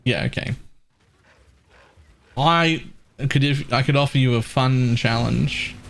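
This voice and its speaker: A man's voice: medium pitch, takes it slowly, creaky, a bit bright, a little hiss or hum. A man chatting casually while live-streaming a game, wry and ranting, repeating lines for emphasis.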